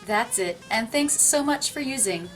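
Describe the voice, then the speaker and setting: Slow, deliberate woman teaching pronunciation. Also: a little high, lively intonation, faint music behind. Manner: clear, deliberate, over-enunciated demonstrations. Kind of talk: pronunciation lesson with slow repeated examples.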